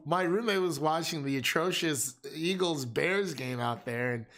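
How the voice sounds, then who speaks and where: A young man leads a loose film discussion among friends, his voice sitting a little high for a man. He rambles with restarts and bursts into laughter often. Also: normal speed, fairly bright tone. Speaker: film podcast host. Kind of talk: casual chat.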